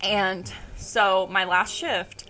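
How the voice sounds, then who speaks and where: A young woman co-hosting a podcast, telling retail stories in a lively casual way and swearing freely. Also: medium pitch, very slow. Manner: animated storytelling, swears freely. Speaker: podcast co-host. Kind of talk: casual chat.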